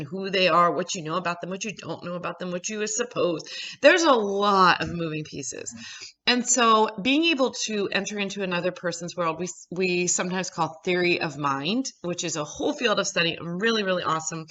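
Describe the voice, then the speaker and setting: Upbeat woman psychologist, clear ringing tone, talks to camera on a dull lo-fi recording. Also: mid-range voice, sharp tone. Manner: upbeat, chatty, explains step by step. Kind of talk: casual educational talk to camera.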